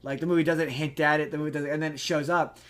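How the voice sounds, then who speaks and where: Animated rambling man reviewing movies. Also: on the high side, quick pace. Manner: rambling, animated, frequent restarts and swearing. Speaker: podcast host. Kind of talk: casual movie review chat.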